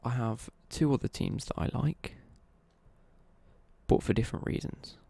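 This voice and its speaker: A young man talks through a live stream at home, rambling and self-correcting as he answers viewers. His voice is mellow, dark and edged with gravel. The sound is dry and close. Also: mid-range voice, fairly even intonation, measured pace, no room sound. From East Midlands, England.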